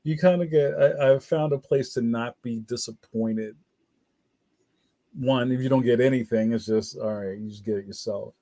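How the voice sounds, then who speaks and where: A middle-aged man chats easily with his livestream viewers, loose and slangy, dropping "yo" and "bro" as he reads their comments aloud. His voice is mellow and dark, sitting at a middle pitch, and it comes across close and plain from a desk mic. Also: moderate pace. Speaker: livestream host. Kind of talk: casual livestream chat.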